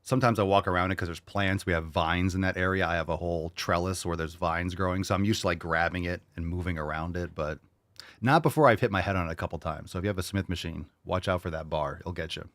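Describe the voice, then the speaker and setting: Man, very low voice, dry close recording, blunt joking fitness host, casual swearing. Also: quick pace, fairly bright tone, no echo. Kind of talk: casual solo chat answering listener questions.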